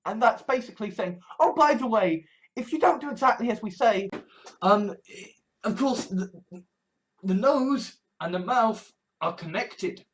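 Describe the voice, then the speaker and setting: A man's voice: sits high, animated, unhurried, husky. A man talking casually in a vlog, rambling with lots of fillers and stammered restarts. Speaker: online video creator.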